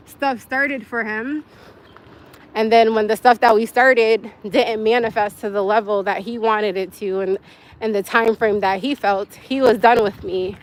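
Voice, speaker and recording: Candid young woman chatting on a livestream. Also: on the high side. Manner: candid, rambling, laughs often. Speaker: livestream host. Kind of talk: casual live-stream chat with viewers. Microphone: phone.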